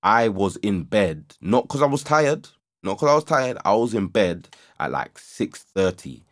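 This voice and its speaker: A young man with a lowish voice, talking casually into a studio microphone. He tells a story in heavy street slang and grows animated, his voice jumping up when he acts out his frustration. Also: a little slow. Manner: slangy, animated, rising to agitated shouts when reliving the story. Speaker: livestream host. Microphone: studio microphone with audio interface.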